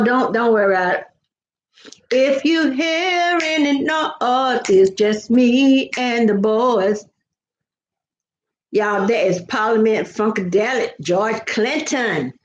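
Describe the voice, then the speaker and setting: An older woman chats playfully from home, looping back on her words as she goes. Her voice sits high. The recording is roomy and echoey, with a dull, lo-fi sound. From American South. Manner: chatty, playful, rambling with repeated words. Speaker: vlogger. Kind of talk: casual live-stream chat.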